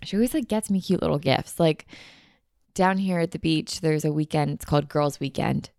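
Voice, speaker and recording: A woman's voice: low-pitched, normal speed, gravelly, darkish tone, dry recording, clean studio sound. A young woman hosting her own podcast, chatting casually in a bubbly, rambling way from a beach house. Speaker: podcast host. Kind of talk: casual chat.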